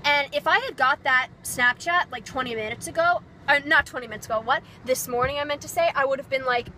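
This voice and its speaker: A young woman vlogger excitedly telling a story, gushing and breathless with lots of fillers. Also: sits high, brisk, a little hiss or hum. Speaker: beauty vlogger.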